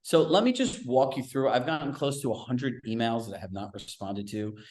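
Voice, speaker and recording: A man's voice: medium pitch, darkish tone, echoey room, a little hiss or hum. Man, business coach, live group session, direct storytelling, mid-range voice. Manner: storytelling with quick asides; conversational and direct. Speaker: real estate business coach.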